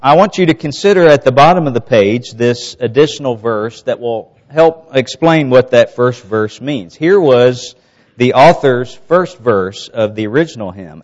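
A man from the US Gulf Coast preaching a sermon in a slow, measured teaching manner, rising to emphasis on key points. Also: medium pitch, animated, darkish tone, lo-fi sound.

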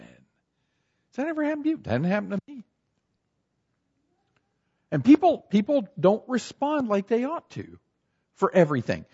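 A man preaching a sermon with a husky, slightly breathy voice and a pitch that leaps up and down as he acts out little everyday scenes. He sits a touch higher than most men. The recording sounds slightly muffled and dull. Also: sing-song, measured pace, long pauses. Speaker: pastor.

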